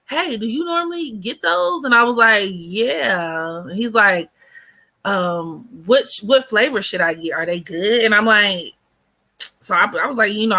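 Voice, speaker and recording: A woman in her twenties chatting casually to her viewers and telling stories in an animated way, heavy on fillers. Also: mid-range voice. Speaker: vlogger. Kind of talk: casual storytime chat.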